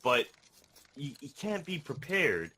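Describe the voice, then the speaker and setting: A man's voice: a little high, big pitch swings, takes it slowly, sharp tone, a little hiss or hum. A man commentating an esports match, passionate and opinionated.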